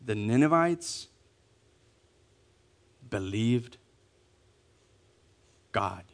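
A man preaching a sermon, acting out quotes and dropping to a hush on key words, asking the congregation to repeat after him. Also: mid-range voice, very slow. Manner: animated, acting out quotes, dropping to hushed emphasis; repeats key phrases, asks congregation to say it along. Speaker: pastor.

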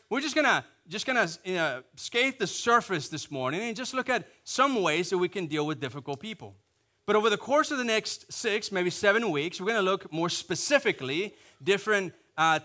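A married man preaching a sermon to a congregation, repeating phrases and acting out quick asides. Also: high-pitched. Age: adult, married. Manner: animated, repetitive preaching with acted asides. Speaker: pastor.

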